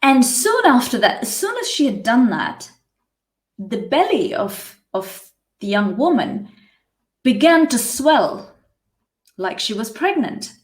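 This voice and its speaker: A woman telling a myth in a live teaching session, measured, with restarts and asides. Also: fairly high pitch. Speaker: spiritual teacher. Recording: roomy echo.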